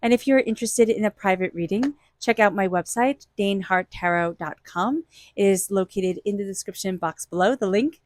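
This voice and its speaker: A woman talks through a tarot spread in a warm, gushing way, full of "you know" and "like." Her voice sits in an ordinary middle pitch. It is recorded close in a dry room with no echo. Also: normal speed. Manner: gushing, lots of "you know" and "like", slips into playful voices for quotes. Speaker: tarot reader. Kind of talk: intuitive tarot reading vlog.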